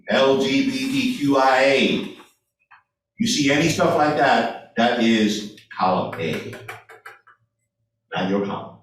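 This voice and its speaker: A man giving a speech at a meeting, talking in an animated way and acting out people's replies. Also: mid-range voice. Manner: animated, acts out voters' replies. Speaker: guest speaker. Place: meeting hall. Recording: echoey room, voice from far off.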